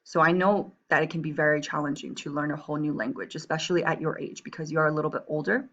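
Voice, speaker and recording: Speaking fast in a low, fairly bright voice with fairly even intonation, she teaches a recorded language lesson from a textbook, dropping "right?" and "okay?" along the way. She grew up between Taiwan and the US and has a New Jersey accent; the audio is muffled.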